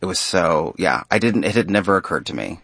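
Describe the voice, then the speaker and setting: A man, a stage actor, being interviewed on radio, telling a story in an animated way with frequent restarts. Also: low voice, brisk, gravelly, dry recording, studio quality.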